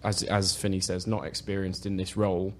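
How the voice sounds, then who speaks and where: A man giving his views as a panelist on a football podcast, measured and opinionated, often restarting his phrases. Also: deep voice, level tone, slight background noise. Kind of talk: casual football podcast discussion.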